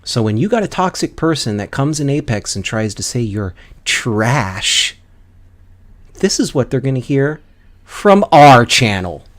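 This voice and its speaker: A male streamer rants to camera in an animated, swooping voice, talking at an unhurried pace. He is mocking and playful, and at times he drops into a whisper. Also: medium pitch, a little hiss or hum. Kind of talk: casual comic rant to camera.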